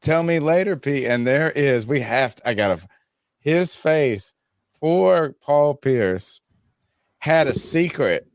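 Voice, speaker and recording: A man co-hosting a podcast, excitedly retelling and laughing about a clip he is playing. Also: mid-range voice, takes it slowly, no echo, clean studio sound. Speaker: podcast co-host. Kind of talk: casual chat reacting to a clip.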